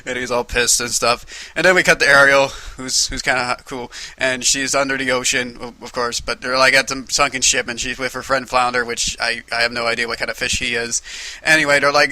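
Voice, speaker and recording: A man's voice: mid-range voice, sharp tone, dry recording, low-quality recording. A man rambling through a crude, profane movie recap, full of "like" and swearing. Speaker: comedic film summarizer.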